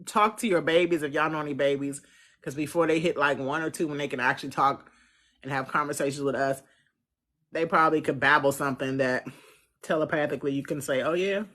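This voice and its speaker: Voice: mid-range voice, steady tone, fairly quick, a bit bright. A chatty astrologer hosting a casual live stream, answering viewer comments with loose, slangy talk and frequent laughs. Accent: Central US. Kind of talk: casual livestream chat.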